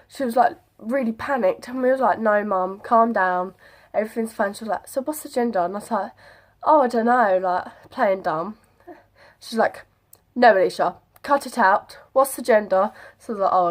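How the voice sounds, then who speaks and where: A young woman, chatting casually to camera as she retells an experience. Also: medium pitch. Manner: chatty, animated retelling with quoted voices. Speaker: vlogger. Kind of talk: casual storytelling vlog.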